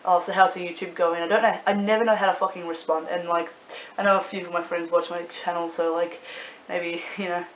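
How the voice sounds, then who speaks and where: A woman's voice: fairly low pitch, little pitch movement, brisk. Chatty, swearing young Australian woman. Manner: chatty, swears freely, rambling with many fillers. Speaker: YouTuber and club promoter. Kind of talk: casual talking-to-camera vlog. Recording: echoey room with faint hiss.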